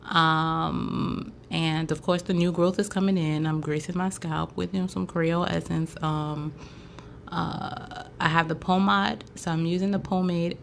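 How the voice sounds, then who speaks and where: A woman's voice: lowish voice, fairly even intonation, a little slow, vocal fry, slight background noise. A woman from Haiti hosting a casual chat show, talking loosely with lots of fillers. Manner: chatty, loose, full of fillers. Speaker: podcast host and braider.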